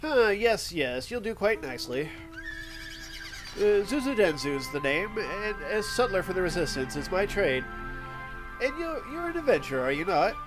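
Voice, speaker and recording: A man voicing a small, brisk male merchant with a put-on accent while playing a game. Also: high voice, big pitch swings. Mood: businesslike. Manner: puts on an accent. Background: game music.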